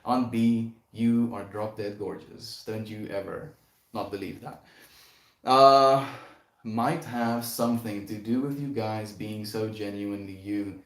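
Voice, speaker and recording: This young live-streamer has a fairly low, slightly mellow voice with fairly even intonation and an unhurried pace. He reads viewer comments and chats casually, frequently laughing and saying dude and bro, with the room sounding echoey.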